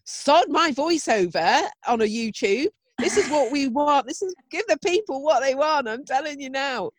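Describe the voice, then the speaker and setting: A woman's voice: high-pitched, animated, moderate pace, no room sound. A woman co-hosting a podcast, enthusiastic and coaxing in casual chat, often giggling. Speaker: podcast co-host.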